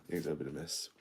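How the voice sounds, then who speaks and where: A young man hosting a casual livestream and reading out viewer comments, talking in a tired, quiet, low-key way. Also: slight background noise. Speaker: livestream host.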